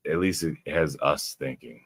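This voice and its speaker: A man with a very deep voice, chatting casually and laughing easily as a guest on an online panel, with halting restarts. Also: slightly rough, no room sound, clean studio sound. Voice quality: very deep voice, praised by others. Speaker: guest on a live stream panel. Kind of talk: casual chat.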